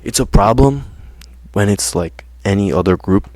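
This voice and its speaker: A man's voice: fairly low pitch, lively intonation, moderate pace, a little mellow, no room sound. A man ranting casually to his viewers in slangy, profane talk, saying "bro" constantly. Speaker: vlogger. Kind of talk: casual rant to camera.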